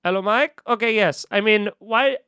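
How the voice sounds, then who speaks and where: A man voicing a stilted, overly polite male tech support agent who keeps stalling in a halting, formal way. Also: high-pitched, pushed and bright, clean tone, no room sound, clean studio sound. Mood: stiffly polite. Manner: repeats "Hello, Mike" in a halting, formal way.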